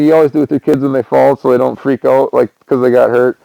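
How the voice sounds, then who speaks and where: A man's voice: medium pitch, steady tone, fast talker, gravelly, mellow, no echo, rough recording. A young man, a podcast host, telling a personal story in a loose, rambling way, full of fillers like "man" and "you know.". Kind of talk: casual storytelling monologue.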